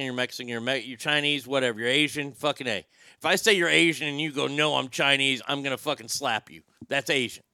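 A man's voice: mid-range voice, sharp tone, clean tone, no room sound, studio quality. A man hosting a talk show, ranting bluntly and profanely, with frequent stammered restarts. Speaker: show host. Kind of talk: opinionated talk show rant.

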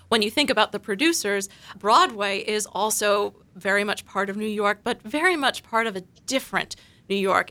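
Woman, panel guest, measured and analytical, bright tone. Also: medium pitch. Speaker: panel guest discussing her essay. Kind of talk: academic panel discussion.

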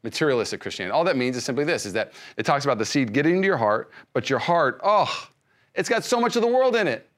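A male pastor giving a sermon, speaking conversationally with many restarts and swinging between loud emphasis and soft hushed lines. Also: medium pitch, very animated, rapid-fire, hardly any pauses. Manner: frequent fillers and restarts, conversational preaching.

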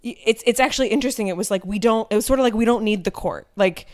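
A woman's voice: on the high side, rapid-fire, a little mellow. A woman hosting a casual political chat, talking chattily with many fillers and self-deprecating asides. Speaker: podcast host.

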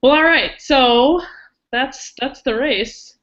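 A woman's voice: high voice, slow pace, fairly bright tone, highs cut off. A woman co-hosting a podcast in casual chat, mostly giving short reactions and laughing along. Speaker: podcast co-host.

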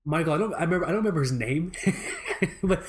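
A man's voice: fairly high pitch, animated, quick pace. A man co-hosting a podcast, telling a rambling, profane story in mock fury in casual chat. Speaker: podcast co-host.

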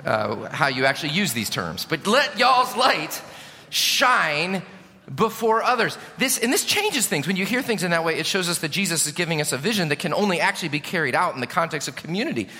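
A man from Chicago preaching a sermon as pastor, emphatic, lifting key lines and dropping low at the ends. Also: big pitch swings, fast, few pauses, bright, forceful tone, big-room sound.

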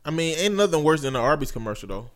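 A man's voice: fairly high pitch, big pitch swings, fast talker. A man co-hosting a podcast in casual banter, joking and emphatic, laughing often. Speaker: podcast co-host.

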